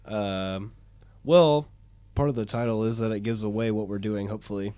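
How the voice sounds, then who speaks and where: A man's voice: on the low side, steady tone, normal speed, warm tone, smooth, dry recording. A man with a Midwestern American accent, a podcast guest who talks casually with hesitant fillers, swearing and frequent laughs. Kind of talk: casual chat.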